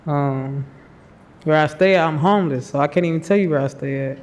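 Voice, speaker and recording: A man in his twenties giving a nervous, halting public comment at a city meeting, crying as he pleads for help. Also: a little high, darkish tone. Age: 20s. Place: city commission chambers.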